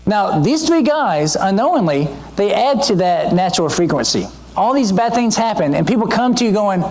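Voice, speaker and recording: A man preaching a sermon in a conversational, animated way, often checking in with his listeners. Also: high-pitched, moderate pace, hardly any pauses, slight background noise. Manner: conversational, asks the audience questions; animated teaching delivery with frequent asides.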